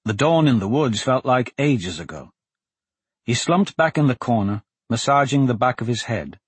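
A man narrating a fantasy novel in scripted narration, in a steady, even storytelling manner. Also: medium pitch, moderate pace, breathy edge, dry recording. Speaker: audiobook narrator.

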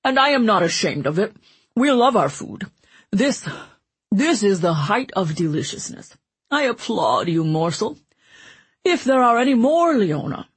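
A woman's voice: mid-range voice, sing-song, a little slow, breathy edge, heavily acted. A woman voicing a greedy, jovial fat man from Genoa. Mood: relishing. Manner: jovial, bantering, relishing food. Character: fat greedy joking Genovese man, loud and boastful.

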